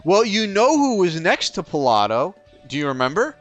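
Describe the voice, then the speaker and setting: A man's voice: sits high, huge pitch swings, normal speed, soft background music. A man co-hosting a podcast, telling stories in casual chat, swearing now and then and restarting his sentences. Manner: storytelling, profane, many restarts. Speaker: podcast co-host.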